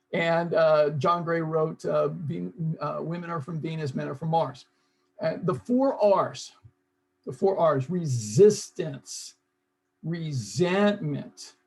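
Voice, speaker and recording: A man's voice: a little high, vocal fry, slightly rough. A man leading an online seminar, coaxing his audience to join in. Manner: coaxing, urges audience to participate. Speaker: seminar leader.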